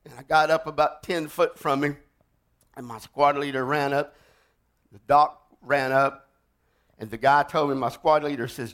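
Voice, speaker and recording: An older man preaching a sermon, telling a war story with loud outbursts that drop to a hush. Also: mid-range voice, normal speed. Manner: dramatic storytelling, swings from loud outbursts to hushed.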